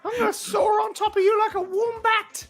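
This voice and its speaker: A man's voice: extremely high pitch, flat delivery, normal speed, gravelly, a bit bright, raised voice, pitched above the performer's own voice, heavily acted. A man putting on a brash, flirty Australian woman with a crude, squealing delivery. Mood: cheeky. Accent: put-on Australian. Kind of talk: joking impression on a livestream chat.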